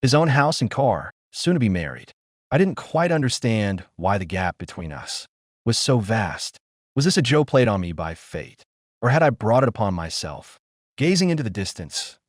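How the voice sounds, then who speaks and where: Expressive low-voiced male storyteller. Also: no room sound, studio quality. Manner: expressive, emotional reading. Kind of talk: first-person scripted story narration.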